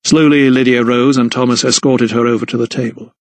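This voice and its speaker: In a dry, echo-free recording, a male narrator with a medium-pitched voice reads scripted audiobook text at an even, measured pace.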